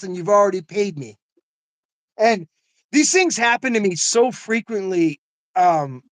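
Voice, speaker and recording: A man's voice: high-pitched, no echo. An older man in casual conversation, telling stories earnestly with frequent "you know what I mean" asides. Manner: laughs often. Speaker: host.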